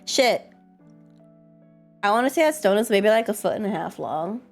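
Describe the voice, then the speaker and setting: A woman streamer chatting casually and fast, swearing a lot and answering her chat. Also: mid-range voice, animated, vocal fry, soft background music.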